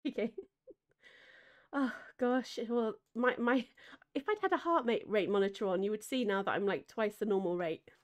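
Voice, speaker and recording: Female streamer, casual and giggly, reads chat, slightly high voice. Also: normal speed. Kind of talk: casual chat while gaming.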